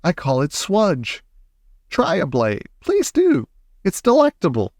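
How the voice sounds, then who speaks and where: A man voicing an eccentric, excitable male chocolate maker who talks in a gushing, showy way. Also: takes it slowly, no room sound, studio quality, exaggerated voice. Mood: delighted. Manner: gushing, showy, high and bouncy.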